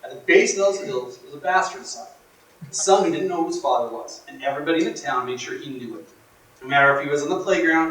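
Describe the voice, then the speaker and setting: A man giving a motivational workshop talk, telling stories in a dramatic, emphatic way that swings from hushed to loud. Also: on the high side. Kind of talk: storytelling speech to a live audience. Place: workshop room. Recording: echoey room from far off.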